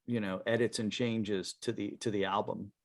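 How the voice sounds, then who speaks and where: A man's voice: fairly low pitch, fairly even intonation, moderate pace, vocal fry. A man who co-wrote a book, speaking hesitantly as a guest on a podcast. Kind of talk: casual podcast conversation.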